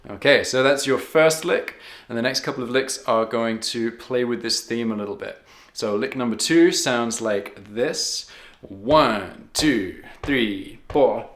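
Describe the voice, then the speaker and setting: A man of middling pitch teaches harmonica licks patiently, one step at a time. He counts the beats aloud as he walks through each lick. His voice carries a roomy echo. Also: normal speed, loud music behind the voice. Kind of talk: step-by-step music lesson.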